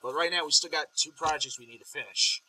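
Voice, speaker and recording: A young man hosts a loose podcast chat. His voice is very bright and forward, and he wanders through his points with lots of filler. A faint hiss of background noise sits under the recording. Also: fairly high pitch, quick pace, poor audio. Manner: rambling, lots of filler ums. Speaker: podcast host. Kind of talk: casual group chat.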